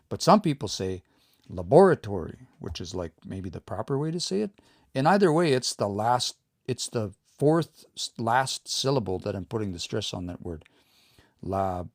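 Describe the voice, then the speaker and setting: A man's voice: on the low side, no room sound, clean studio sound. Man teaching casually on a livestream. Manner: explains patiently, thinking aloud, reads out viewer comments. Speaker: language teacher.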